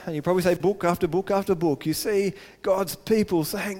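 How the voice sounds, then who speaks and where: High-voiced preacher man in a reverberant hall. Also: normal speed, few pauses. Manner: earnest, builds to excited emphasis, repeats phrases. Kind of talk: sermon.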